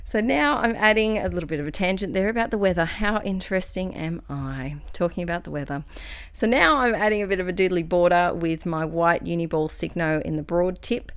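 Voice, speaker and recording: A woman's voice: fairly low pitch, a little fast, clean tone. Chatty Australian woman, slightly breathless. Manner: chatty, rambling, self-correcting. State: a little out of breath. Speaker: craft vlogger. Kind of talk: voice-over narration of a scrapbooking process video.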